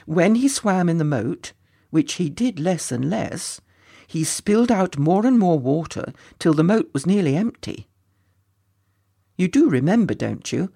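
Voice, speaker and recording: Storybook reader, gravelly voice, playful chatty asides to the kids, mid pitch. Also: warm tone. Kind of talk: storybook narration.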